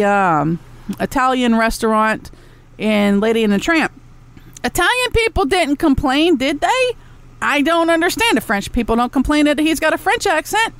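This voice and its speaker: A woman hosting a podcast, ranting bluntly and sarcastically with lots of swearing and asides to her chat room. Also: high voice. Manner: talks back to a chat room. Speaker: podcast host. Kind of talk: ranting solo podcast talk.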